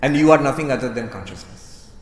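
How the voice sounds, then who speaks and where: A man's voice: medium pitch, lively intonation, fast talker, slight background noise. A man, a monk and spiritual teacher, giving an emphatic lecture to a live audience, repeating key phrases, challenging listeners directly and dropping in light humor. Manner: conversational, with occasional humor and asides to the audience. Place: large hall at a religious center. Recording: roomy, reverberant hall sound.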